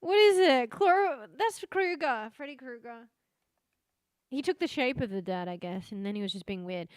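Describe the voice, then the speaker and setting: A woman's voice: on the high side, animated, normal speed, smooth, no echo, studio quality. A woman streaming a horror game, chatting casually with lots of swearing, laughing as she talks. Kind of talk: casual live-stream commentary.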